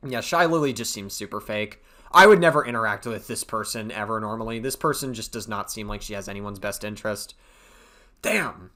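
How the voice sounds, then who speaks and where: A man's voice: fairly low pitch, a little fast, sharp tone. Man making crude, irreverent reaction commentary. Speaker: commentary youtuber.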